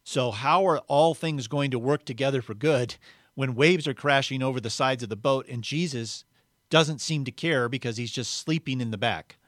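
A man's voice: medium pitch, moderate pace, a bit bright, dry recording, studio quality. A man preaching a sermon in an earnest, conversational way, retelling scripture in plain everyday words. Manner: earnest, conversational, acts out the quoted voices.

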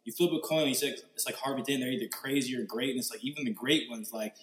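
A man's voice: mid-range voice, fast talker, roomy sound, poor audio. A man chatting casually with stumbling restarts and some swearing, as a podcast co-host. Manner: laughing along, hesitant restarts, slangy. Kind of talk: casual chat.

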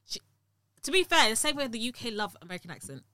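Fast-talking British woman, bright voice. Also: fairly high pitch. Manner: animated storyteller, acts out quotes. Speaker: guest. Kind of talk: casual podcast chat.

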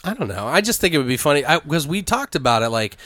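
A man riffing on a film plot in loose, casual talk, full of swearing and quick acted-out lines. His voice is bright and forward, and the recording is dry and close. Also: on the high side, no room sound. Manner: animated, swearing, acts out bits of dialogue. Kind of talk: casual brainstorming chat.

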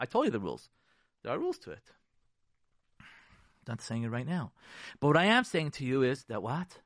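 A man's voice: mid-range voice, no room sound, clean studio sound. A man, a rabbi, giving an emphatic radio talk on marriage. He repeats key phrases for force and drops Hebrew and Yiddish terms. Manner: emphatic and repetitive, preacherly.

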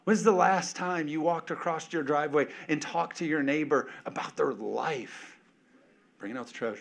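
A man preaching a sermon as pastor, emphatic and animated, calling out to the congregation with casual, joking asides. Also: on the high side, moderate pace, creaky.

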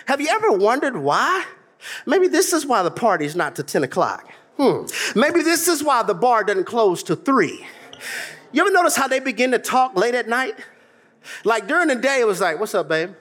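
A man preaching a sermon, mixing humor and mimicry with sudden shouts. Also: very high voice, very animated, normal speed. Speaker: pastor.

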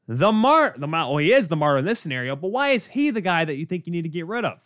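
Young male sports podcast host, fairly high and very animated, ranting in exasperation on a close, dry mic. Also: brisk, hardly any pauses, no echo. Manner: ranting, exasperated, rhetorical questions. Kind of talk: solo sports podcast rant.

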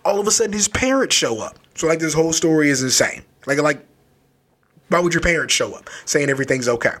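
Husky-voiced man recapping a story. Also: fairly high pitch, fast. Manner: loose, animated retelling with lots of "like" and "yo". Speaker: book reviewer.

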